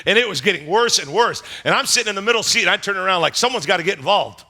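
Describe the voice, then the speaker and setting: In a high voice that races along, a middle-aged man preaches a storytelling sermon as pastor, animatedly performing the scenes and characters.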